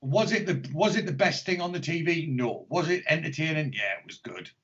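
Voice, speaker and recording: A man's voice: on the high side, animated, a little fast, fairly bright tone. An English man co-hosting a podcast, chatting casually and rambling with lots of swearing and jokes. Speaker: podcast co-host. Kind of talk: casual chat. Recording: dull lo-fi podcast audio.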